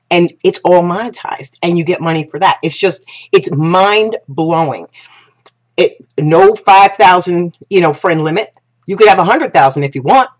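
Gushing husky-voiced woman pitching eagerly. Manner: gushing and excitable, with restarts and repeated exclamations. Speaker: affiliate marketer pitching a business platform. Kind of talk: casual promotional vlog talk.

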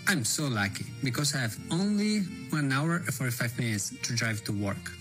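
A man voicing a deadpan man who mocks American work life in a comedic skit, in broken English. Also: medium pitch, moderate pace, natural voice. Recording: voice-over over clear music.

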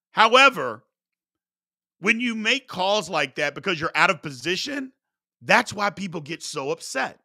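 A man's voice: high voice, sharp tone. A man from Kentucky hosting a casual sports talk show, reacting to chat comments and often repeating himself for emphasis.

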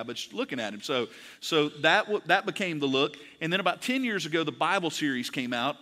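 A man preaching in a large church auditorium, his bright, forceful voice sitting a little high for a man. He talks in a loose, joking, conversational way, then presses his points with conviction. A long hall reverb trails every phrase. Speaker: pastor. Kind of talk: sermon.

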